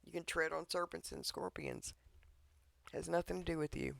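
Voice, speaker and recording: A man's voice: fairly high pitch, wildly swooping pitch, moderate pace, vocal fry, a bit bright, no echo. A man preaching an informal devotional talk online, earnest and pleading, who keeps checking in with his listeners.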